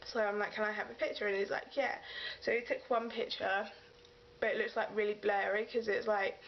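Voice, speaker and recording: A young woman from England, gushing and rambling as she retells a story in a casual vlog. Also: mid-range voice. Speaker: vlogger. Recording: dull lo-fi sound with faint hiss.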